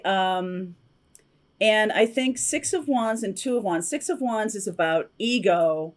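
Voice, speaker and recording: Chatty woman giving a tarot reading. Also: medium pitch. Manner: chatty, intuitive, frequent fillers and asides. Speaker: tarot reader. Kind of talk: casual spoken tarot reading.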